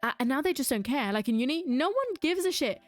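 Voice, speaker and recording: A woman's voice: high voice, very animated, fast talker, no room sound, soft background music. A young adult woman streaming a game, rambling in casual chat, answering her viewers and laughing often. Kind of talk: casual chat while gaming, reading chat aloud.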